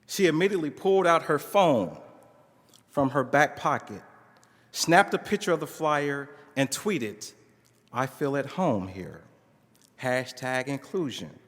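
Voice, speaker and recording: A man's voice: medium pitch, expressive, unhurried, fairly bright tone. A man at a conference reading a narrative aloud with expression, acting out the dialogue in shifting voices. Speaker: conference speaker reading a case story. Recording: long reverb of a large hall.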